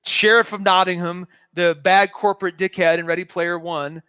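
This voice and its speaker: A man with a notably high voice chats excitedly on a podcast, riffing and animated. The sound is dry and close to the mic. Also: moderate pace, clean tone, no echo. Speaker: podcast co-host. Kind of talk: casual chat.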